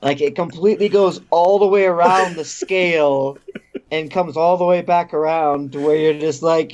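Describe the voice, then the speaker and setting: A man co-hosting a casual podcast, reacting with drawn-out, disbelieving jokes. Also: on the high side, steady tone, a little mellow, muffled recording. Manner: drawn-out, incredulous reactions and joking asides. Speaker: podcast co-host.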